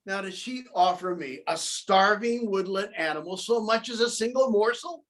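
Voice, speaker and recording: A man telling a story in the first person as the wolf, with an aggrieved, put-upon tone and lively character voices, recorded on a video call. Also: high voice, moderate pace, few pauses.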